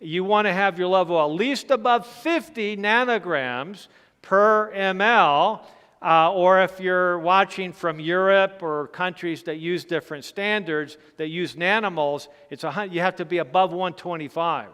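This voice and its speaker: A man's voice: high voice, a little slow, pushed and bright, smooth. A middle-aged male physician giving a health seminar lecture, explaining points emphatically and often checking in with his audience. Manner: explanatory, checks in with "Okay" and "Right?"; emphatic, stresses key points. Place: church hall. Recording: long hall reverb.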